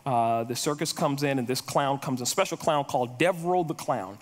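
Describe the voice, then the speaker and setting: A man's voice: mid-range voice, brisk, in a large hall. A male pastor preaching a sermon, telling stories and repeating words as he builds a point.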